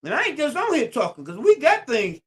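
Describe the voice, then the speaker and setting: A man's voice: very high-pitched, huge pitch swings, a little fast, a bit bright. A man speaks on his own live stream. He repeats his phrases over and over with a preacher's emphasis. Now and then he breaks off to greet viewers by name. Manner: talks straight at viewers and greets them by name.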